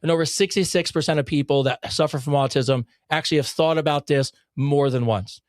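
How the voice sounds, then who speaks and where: A man with a notably high voice hosts a casual podcast, rambling excitedly and swearing freely. He often breaks into laughter between thoughts. The recording is dry and close, with no room sound. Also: brisk, no room sound. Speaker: podcast co-host.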